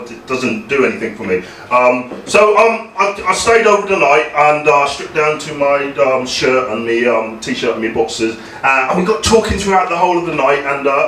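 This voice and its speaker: A young man from England with a South London accent doing a hesitant, deadpan stand-up set, full of ums, and talking back to hecklers. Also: on the high side, a little hiss or hum. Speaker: stand-up comedian. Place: comedy club. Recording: echoey club from far off. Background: crowd laughter.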